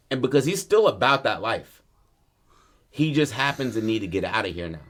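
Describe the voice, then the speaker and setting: Man, podcast host, casual storytelling, profane slang, animated, somewhat low voice. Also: fairly quick. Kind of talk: casual storytelling, retelling a film plot.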